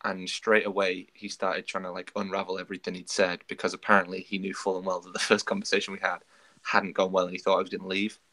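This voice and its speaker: Speaking rapidly in a low, flat tone, a man co-hosting a podcast relates a story in relaxed conversation, acting out the dialogue he quotes.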